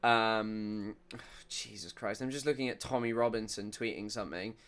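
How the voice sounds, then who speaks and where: A man's voice: on the low side, moderate pace, fairly bright tone, clean tone. A man doing casual livestream news commentary, rambling and jokey, laughing often and reading chat comments aloud.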